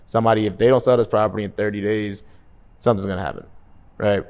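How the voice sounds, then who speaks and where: A man giving an energetic, emphatic sales coaching talk, often checking in with "right?" and acting out phone calls in different tones. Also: fairly low pitch, fast. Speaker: real estate sales coach.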